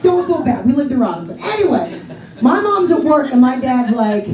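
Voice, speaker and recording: A woman's voice: high-pitched, very animated, normal speed. A woman of forty from the Pittsburgh area doing a brash, self-mocking stand-up set on a theater stage. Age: 40s. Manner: brash, self-mocking, swings into loud exclamations. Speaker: stand-up comedian. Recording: echoey room from far, crowd laughter.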